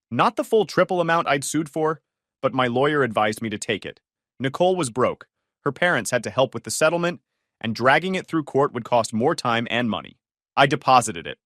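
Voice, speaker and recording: Wry male story narrator, lively delivery. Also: medium pitch, no room sound, clean studio sound. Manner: wry, scornful.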